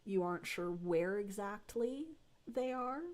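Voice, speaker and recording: A woman narrating a tabletop game as game master, descriptive and unhurried with frequent fillers. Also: medium pitch, darkish tone.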